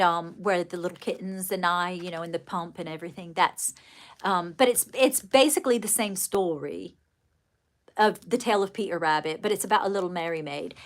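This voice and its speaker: A woman with a light, adopted British RP accent and a medium-pitched, fairly bright voice hosts a casual livestream. A children's book author, she is gushing and affectionate, often calling viewers darling and saying little.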